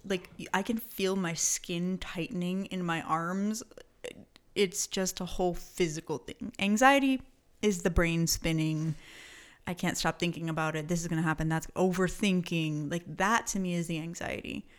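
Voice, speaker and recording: A woman with a mid-range voice telling stories in a casual chat. She is lively, laughs often and swears now and then. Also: fairly low pitch, moderate pace.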